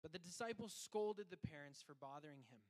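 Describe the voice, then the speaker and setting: A man preaching a sermon, earnest and reflective, dropping to quiet, slow lines and then rising into emphatic bursts. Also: a little high, expressive, rough recording.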